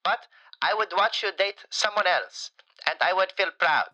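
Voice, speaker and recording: A doting, flamboyant falafel shop owner phoning in to a radio show. His voice is bright and swings widely in pitch as he piles on deadpan compliments in broken grammar. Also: moderate pace, full character voice. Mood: effusive. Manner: effusive, broken grammar, playful deadpan jokes. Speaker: caller.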